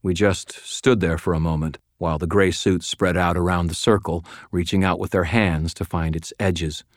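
Deep-voiced man narrating a story. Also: fairly even intonation, normal speed, dry recording. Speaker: audiobook narrator. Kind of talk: scripted first-person narration. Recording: dry close studio mic.

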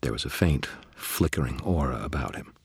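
A man reads a first-person novel aloud with wry, deadpan delivery. His voice sits extremely low and husky, and the recording is dry with no room sound. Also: normal speed, dry recording. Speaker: audiobook narrator.

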